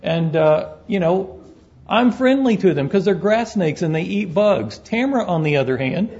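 A man's voice: high-pitched, animated, moderate pace, darkish tone. A man preaching a sermon as pastor, folksy and conversational, joking with his congregation, on a dull lo-fi recording.

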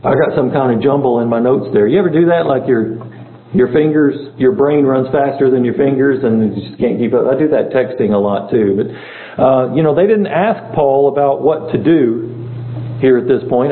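Man teaching Bible study, tinny and echoey. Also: medium pitch. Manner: conversational, asks the group questions. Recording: echoey room, tinny phone-like sound, faint hum.

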